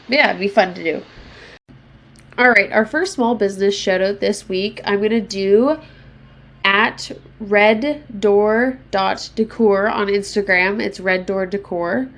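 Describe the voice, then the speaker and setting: A woman's voice: mid-range voice, a bit bright. A woman in her twenties hosting a podcast on her own, chatting casually and swearing freely as she pokes fun at herself. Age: 20s. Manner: chatty, frequent swearing, self-mocking. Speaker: podcast host. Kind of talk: casual solo podcast chat.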